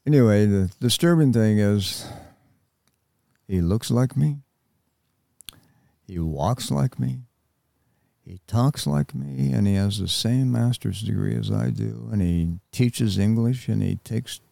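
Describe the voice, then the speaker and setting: Older man, American, very deep voice, gravelly, halting reflective interview talk. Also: mellow, dry recording, clean studio sound. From United States. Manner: halting, reflective, with many pauses. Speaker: interview guest, Vietnam veteran.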